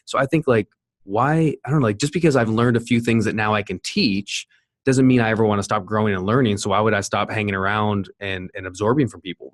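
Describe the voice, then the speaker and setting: A man in his thirties with a low voice, hosting a podcast interview in a chatty, enthusiastic way. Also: dry recording, studio quality. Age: 30s. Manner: enthusiastic, rambling, many restarts. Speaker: podcast host. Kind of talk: casual interview chat.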